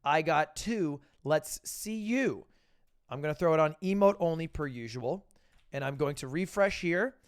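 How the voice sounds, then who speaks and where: A man's voice: on the high side, expressive, a little slow, clear, resonant tone, dry recording, studio quality. A young man streaming live, chatting casually and thinking aloud, with joking, mock-grand asides.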